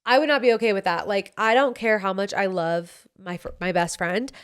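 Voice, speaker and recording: A woman in her late twenties with a Utah accent hosts a podcast, dishing out blunt, sassy advice in casual chat and swearing freely. Her medium-pitched voice is brisk and clean.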